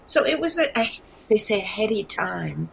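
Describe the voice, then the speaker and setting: A woman in her seventies with a New York accent, telling rambling, animated stories as an interview guest. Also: medium pitch, normal speed, creaky, a little hiss or hum, rough recording. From New York City. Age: 70s. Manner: rambling, animated storyteller with frequent restarts. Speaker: guest artist. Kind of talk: casual interview.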